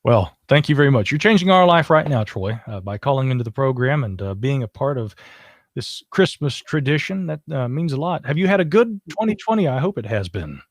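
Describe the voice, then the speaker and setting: A man's voice: mid-range voice, sing-song, a little fast, no room sound, clean studio sound. A man hosting a casual late-night call-in podcast, upbeat and chatty with many fillers. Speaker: podcast host. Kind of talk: casual call-in show chat.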